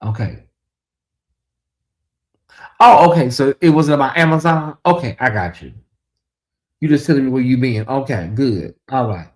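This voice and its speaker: A man's voice: medium pitch, animated, moderate pace, long pauses. A man hosting a casual late-night livestream in a chatty, drawling way, reading viewer comments aloud and talking to the audience as "y'all". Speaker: livestream host.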